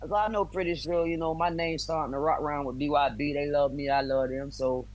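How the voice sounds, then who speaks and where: A man's voice: fairly high pitch, fairly even intonation, fairly quick, rough recording. A man, a bare-knuckle fighter from the US, chatting as a guest on a video call, friendly and talkative, with loose slang. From United States. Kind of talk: casual interview chat.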